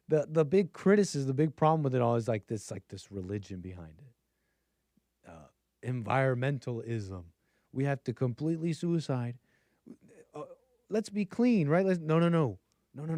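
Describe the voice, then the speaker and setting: A man hosting a political commentary livestream, rambling casually with fillers, restarts and quick chuckling asides. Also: mid-range voice, mellow, dry recording.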